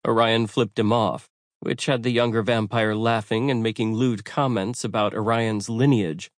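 A man narrating an audiobook in a measured, wry storytelling manner. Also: fairly low pitch, fairly even intonation, dry recording, studio quality.

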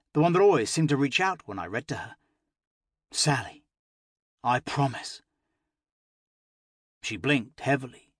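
A man narrating a first-person fantasy audiobook with expressive, emotional delivery. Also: mid-range voice, breathy edge, no echo, clean studio sound.

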